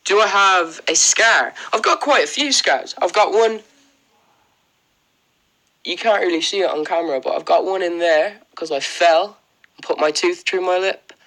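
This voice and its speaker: A man's voice: sits high, moderate pace, sharp tone, low-quality recording. An Irish man chatting casually on a livestream, rambling through viewer questions with plenty of ums and likes and frequent laughs. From Ireland. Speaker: livestream host.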